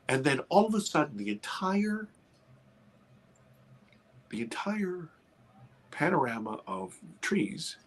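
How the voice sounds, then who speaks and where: Man, excited storyteller, breathy husky voice, podcast guest. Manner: animated, re-enacts his panic with high excited quotes. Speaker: guest filmmaker. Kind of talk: live podcast interview storytelling.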